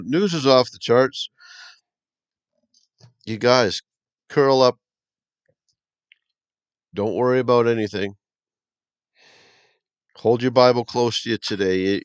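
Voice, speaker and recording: A man from Canada who leads an online church, giving a gentle, folksy and reassuring talk after the news. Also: deep voice, smooth, dry recording. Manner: gentle, reassuring, folksy, repeats "you guys" and "okay". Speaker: online pastor. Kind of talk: informal online sermon with news.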